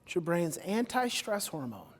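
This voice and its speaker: A man giving a live talk to an audience, energetic and repetitive, with loud emphatic bursts. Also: sits high, moderate pace. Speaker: speaker on stage. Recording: reverberant hall.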